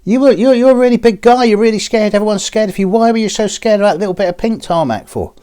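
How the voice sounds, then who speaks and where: A man's voice: high-pitched, fast, warm tone, clean tone, pitched above the performer's own voice, natural voice. A man voicing a puzzled male pub barman in a told joke, polite and bewildered.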